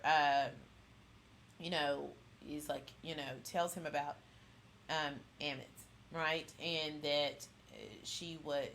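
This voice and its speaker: A woman's voice: low voice, a bit bright, slight background noise. A woman hosting a pop culture channel, casually recapping an episode in a rambling way full of fillers and restarts.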